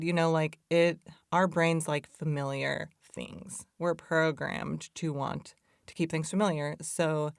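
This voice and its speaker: A woman's voice: deep voice, clear, resonant tone, no room sound, clean studio sound. A woman hosting a podcast in a loose, chatty way, full of "like" and "y'all". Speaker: podcast host. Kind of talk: casual reflective talk on addiction recovery.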